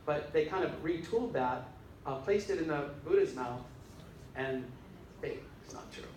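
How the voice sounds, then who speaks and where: A man's voice: on the high side, lively intonation, normal speed, darkish tone. An older man, a minister giving a casual, rambling dharma talk with frequent chuckles. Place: church hall. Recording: echoey hall, mic far off, faint hiss.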